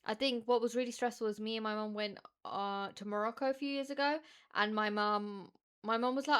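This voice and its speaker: A young woman from the UK chats casually on her stream, telling stories and acting out the people in them. Her voice sits a little high, with a bright, forward tone. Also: fast talker, smooth. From United Kingdom. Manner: chatty storytelling, animated quoting of others. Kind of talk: casual chat.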